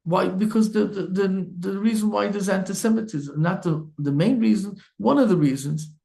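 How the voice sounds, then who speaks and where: High-voiced and gravelly, this man speaks at a moderate pace. He's a rabbi delivering a storytelling sermon on the Torah, performing the characters with lots of energy and often starting his sentences over.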